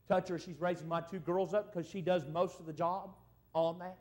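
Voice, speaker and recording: A man's voice: high voice, fairly even intonation, quick pace, darkish tone. A middle-aged man preaching a folksy revival sermon in a church, calling out for amens from the congregation. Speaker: evangelist. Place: church service.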